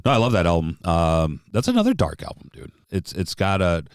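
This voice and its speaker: A middle-aged man with a very low voice, talking as a podcast guest. He reminisces in a relaxed, easygoing way and chuckles often. The sound is close and dry. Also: fairly quick, no echo. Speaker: guest, guitarist and music store owner. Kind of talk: casual podcast conversation.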